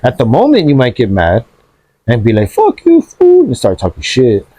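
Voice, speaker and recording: Husky man in lively casual chat. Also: medium pitch, moderate pace, no room sound. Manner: animated, profane, says bro and dude a lot.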